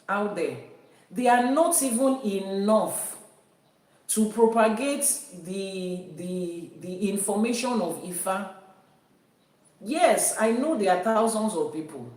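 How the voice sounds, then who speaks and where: A woman's voice: mid-range voice, lively intonation, takes it slowly, a little mellow. A woman teaching about Ifa spirituality in an emphatic way, repeating her key phrases. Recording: very echoey room, voice from a distance.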